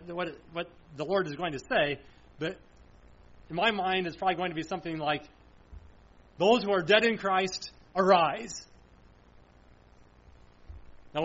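A man's voice: high voice, pushed and bright. A man preaching verse by verse, explaining scripture, asking questions and answering them himself, with firm emphasis. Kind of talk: verse-by-verse Bible teaching. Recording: dull lo-fi sound.

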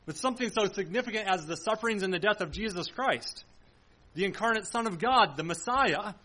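Male pastor, high-pitched, earnest sermon delivery with searching rhetorical questions, church setting. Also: a bit bright, poor audio. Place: church sanctuary.

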